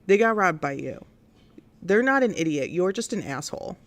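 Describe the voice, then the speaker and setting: A woman's voice: fairly low pitch, very animated, normal speed. A woman hosting a casual commentary stream, blunt and exasperated, rambling with many fillers. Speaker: host of a news and commentary stream.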